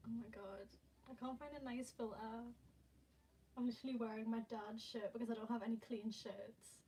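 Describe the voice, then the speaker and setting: A woman's voice: a little high, little pitch movement, brisk, warm tone, a little hiss or hum, low-quality recording. A young woman on a casual livestream, distraught and rambling, with nervous laughter and lots of fillers, talking from her phone. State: emotionally distraught.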